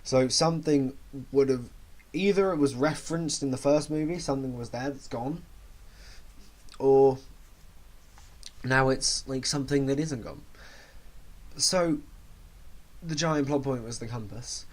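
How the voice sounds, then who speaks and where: A man chatting through a casual movie review in a voice of ordinary pitch. He rambles and often stops to correct himself mid-sentence. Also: unhurried, long pauses, darkish tone.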